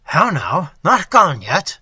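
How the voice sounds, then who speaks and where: A man voicing a gruff, bloated Dutch innkeeper with a guttural Dutch accent, hearty and blunt, in a storybook reading. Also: fairly high pitch, huge pitch swings, slow pace, pushed and bright, dry recording, exaggerated voice.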